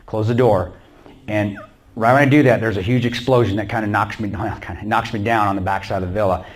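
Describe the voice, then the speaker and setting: A man's voice: fairly low pitch, fairly even intonation, brisk, slight background noise. A man telling a combat story to a church audience in a blunt, plain-spoken way. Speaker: guest speaker recounting combat. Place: small church.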